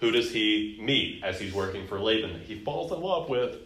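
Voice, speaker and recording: A man's voice: on the low side, normal speed, echoey room, poor audio. Bible teacher quizzing his class. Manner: lively, quizzing students and acting out quotes. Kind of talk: classroom Bible lesson with questions.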